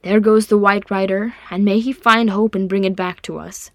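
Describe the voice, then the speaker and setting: A woman voicing a noble, weary man, measured and courteous. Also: mid-range voice, fairly even intonation, no echo, natural voice. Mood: solemn.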